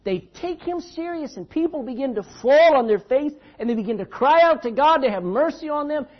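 A man's voice: very high voice, expressive, fairly quick, highs cut off. A man preaching a sermon in a church, telling the story dramatically and with emphasis. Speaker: pastor.

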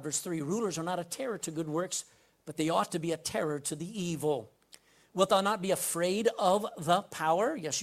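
A man preaching a sermon from the pulpit, reading scripture aloud and putting direct questions to the congregation. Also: a little high. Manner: emphatic, swings between loud scripture reading and quiet asides. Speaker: pastor. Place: church pulpit.

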